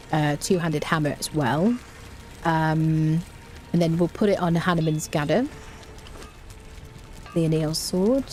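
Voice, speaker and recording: A woman's voice: low-pitched, a little mellow, a little hiss or hum. A woman chatting casually on a live game stream, reading out chat and humming to herself.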